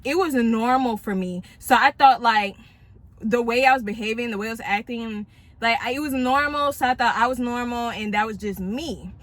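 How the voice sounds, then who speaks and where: A woman's voice: on the high side, moderate pace, a bit bright. Chatty woman vlogging from her car. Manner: chatty, rambling storyteller who addresses viewers directly. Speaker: vlogger, single mom. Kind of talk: casual chat to viewers. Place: parked car.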